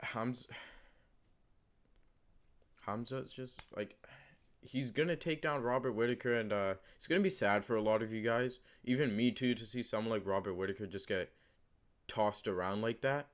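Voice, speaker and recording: A man's voice: mid-range voice, normal speed, pauses often. A man talking casually to camera as the host of his own channel. He rambles through his predictions with lots of fillers, restarts and emphatic repeats. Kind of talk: casual unscripted commentary.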